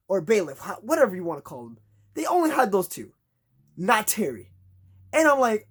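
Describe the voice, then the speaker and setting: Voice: medium pitch, very animated, normal speed, husky. A vlogger telling a long, exasperated story in a casual rant, acting out conversations in a raised voice.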